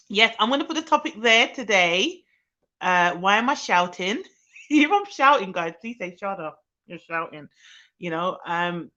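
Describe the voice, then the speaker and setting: On her live stream, a Birmingham childcare expert chats casually, welcoming viewers by name and saying um a lot. Her mid-pitched voice has a sharp tone, and the sound is somewhat dull.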